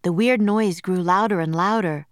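A woman narrating a children's storybook in a slow, measured and clear manner. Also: fairly low pitch, no echo, studio quality.

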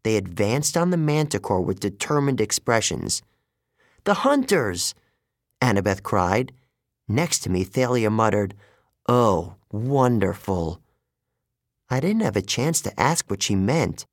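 A man narrating a first-person adventure story in an audiobook, with expressive storytelling. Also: lowish voice, normal speed, dry recording, clean studio sound.

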